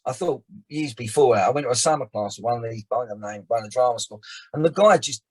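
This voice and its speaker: A man, chatting as a guest on a podcast, animated and often restarting his sentences. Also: mid-range voice, fast talker, slightly rough. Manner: animated, frequent restarts and repeated words. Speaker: actor and filmmaker guest. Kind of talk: casual podcast chat.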